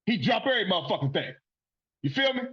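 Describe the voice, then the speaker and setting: Male sports podcast host, high husky voice, heated profane rant, lo-fi recording. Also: big pitch swings, quick pace, fairly bright tone. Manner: profane, fired-up and ranting.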